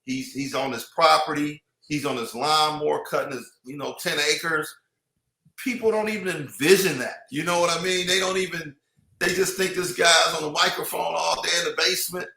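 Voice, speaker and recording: A man talks in a loose, rambling way, stopping and restarting often and filling gaps with "you know what I mean". His voice is bright and sits a little high. The room around him is echoey. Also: normal speed, gravelly. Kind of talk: casual chat.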